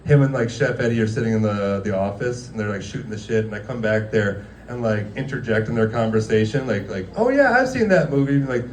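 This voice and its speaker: A man's voice: lowish voice, expressive, fairly quick, a little mellow, reverberant, slight background noise. A man doing a rambling, crude stand-up roast of his former coworkers in a restaurant, laughing at his own jokes. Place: restaurant dining room.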